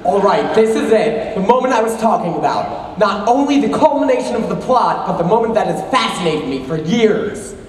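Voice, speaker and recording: A young woman on a high school stage playing a wistful middle-aged male show-tune fan who confides asides to the audience and sometimes bursts into shouts. It is recorded from far back in an echoey auditorium. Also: expressive, normal speed, hardly any pauses, lightly acted. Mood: confiding.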